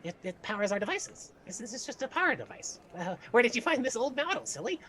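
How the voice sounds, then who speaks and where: A man's voice: very animated, fast talker, a bit bright, full character voice. A man putting on a stammering, giggly gnome tinkerer. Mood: cheery. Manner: stammering, fawning, high and giggly. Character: nervous gnome tinkerer man, overly cheerful.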